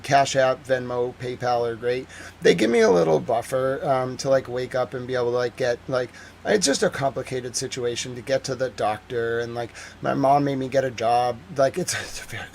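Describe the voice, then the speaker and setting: A man's voice: mid-range voice, creaky, a little mellow, slight background noise, poor audio. A man in his thirties with a Boston accent, talking casually on a news livestream and rambling with lots of fillers. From New England.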